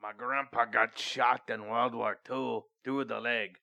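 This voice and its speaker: A man co-hosting a comedy podcast, making crude deadpan jokes. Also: mid-range voice, slow pace, vocal fry. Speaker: podcast co-host. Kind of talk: casual comedy podcast chat.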